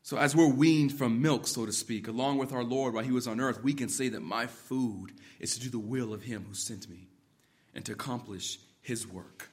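A man preaching an expository sermon, moving between quiet reflection and emphatic exhortation. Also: medium pitch, moderate pace. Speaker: pastor.

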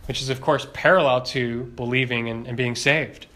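A man's voice: mid-range voice, fairly even intonation, moderate pace, pushed and bright. A man teaching a doctrinal Bible lesson, emphatic, asking rhetorical questions and repeating key phrases.

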